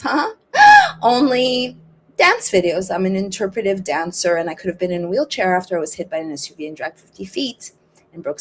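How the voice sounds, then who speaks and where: Rambling frustrated woman host, lowish voice. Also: a little hiss or hum. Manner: rambling, frustrated, with many restarts. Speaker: podcast host. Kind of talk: casual show sign-off and appeal.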